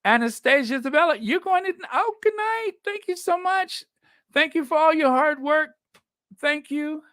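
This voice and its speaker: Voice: sits high, expressive, normal speed, sharp tone, no echo, studio quality. A live-stream host in casual chat, effusive and grateful, laughing often while thanking viewers. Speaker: livestream host reading viewer messages.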